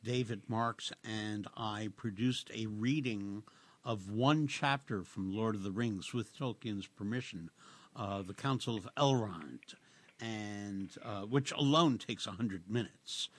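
Bright-voiced rambling radio host. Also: male voice, fairly low pitch. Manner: rambling, halting, many fillers and restarts. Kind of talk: casual radio interview chat.

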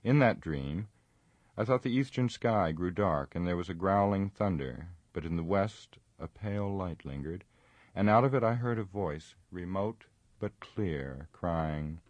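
A man's voice: low voice, expressive, a little slow, a little mellow, no room sound, voice pushed up. A man voicing a proud, grave warrior in earnest, formal storytelling.

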